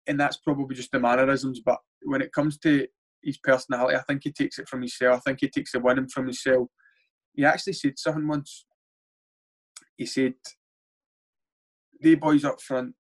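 A young Scottish man, a footballer, telling stories in casual chat, animated and swearing freely as he acts out what others said. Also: mid-range voice, brisk, pauses often. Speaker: footballer guest. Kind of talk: casual storytelling.

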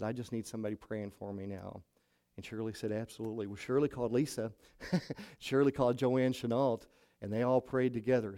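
A man's voice: mid-range voice, warm tone. A middle-aged male pastor telling a story from the pulpit, acting out each person's lines as he retells the conversations. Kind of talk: sermon storytelling.

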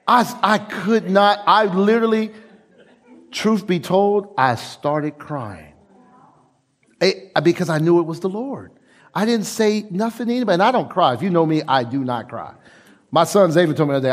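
A male pastor preaches with a high voice and a lot of swing in his pitch. He tells personal stories in a lively way, stumbles and repeats words as he builds up, and acts out the voices of people he quotes. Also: moderate pace. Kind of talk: sermon.

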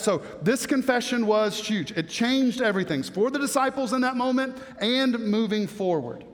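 A man preaching a sermon as a pastor, emphatic, swinging between loud stresses and hushed passages. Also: sits high. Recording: long hall reverb.

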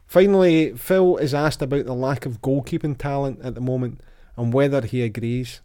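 Man, mellow dark voice, casual football podcast host, chatty. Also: mid-range voice, normal speed, smooth. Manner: chatty, reads quotes aloud with lively voices.

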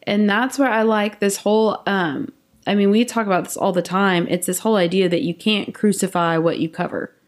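A woman's voice: mid-range voice, fairly quick. Enthusiastic woman podcast co-host. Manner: enthusiastic, affirming. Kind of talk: casual faith discussion.

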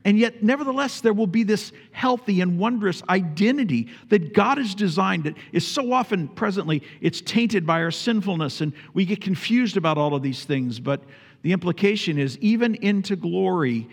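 A man's voice: sits high, lively intonation, moderate pace, gravelly, big-room sound. A man preaching a sermon as pastor, emphatic, repeating phrases for stress and putting questions to his congregation.

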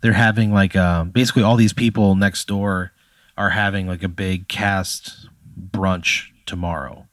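Low-voiced man, rambling comedic narrator, dry sound. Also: steady tone, a little slow, fairly bright tone, dry recording. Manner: rambling, full of "like" fillers. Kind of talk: improvised storytelling.

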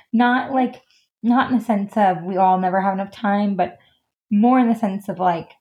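A woman's voice: mid-range voice, unhurried, darkish tone, highs cut off. A woman guest in a casual podcast interview, chatty and full of "like" and "um" fillers. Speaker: guest, stylist and designer.

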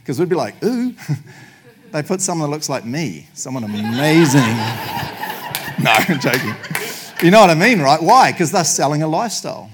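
A man's voice: on the high side, normal speed, pauses often, noisy background. A man preaching a sermon to a congregation, joking and laughing often. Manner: jokey, animated, laughs often. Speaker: pastor.

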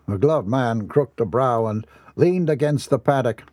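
A man's voice: medium pitch, unhurried, a little mellow, dry recording. A man narrating a comic novel as an audiobook in a theatrical, wry manner. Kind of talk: scripted narration.

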